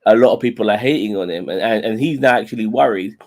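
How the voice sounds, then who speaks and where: A man's voice: fairly low pitch, fast talker, a little mellow. A man co-hosting a casual podcast chat, hesitant and sweary, with many stammered restarts. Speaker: podcast co-host.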